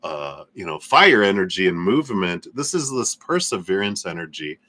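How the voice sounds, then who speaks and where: A man hosting a live tarot reading, speaking in slow, soothing affirmations with soft laughs. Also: low-pitched, sing-song. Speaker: tarot reader.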